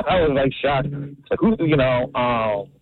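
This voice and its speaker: A man's voice: mid-range voice, lively intonation, slow pace, no room sound. A man from New Jersey calling in to a radio show, telling stories eagerly with lots of fillers. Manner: eager storyteller, many fillers. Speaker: caller. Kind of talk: call-in radio talk. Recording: tinny phone line.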